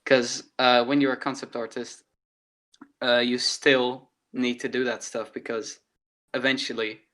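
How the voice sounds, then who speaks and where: A man's voice: mid-range voice, little pitch movement, measured pace, fairly bright tone. A man, co-hosting a casual art podcast and explaining ideas with analogies. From Netherlands. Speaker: podcast co-host, artist. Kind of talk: casual chat.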